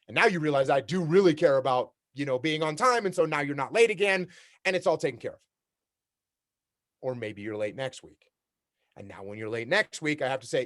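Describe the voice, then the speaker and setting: A man's voice: fairly high pitch, animated, a little fast. A man giving a leadership keynote talk in a direct, repetitive way, acting out workplace conversations to make his points. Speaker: keynote speaker. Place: remote talk for a virtual summit.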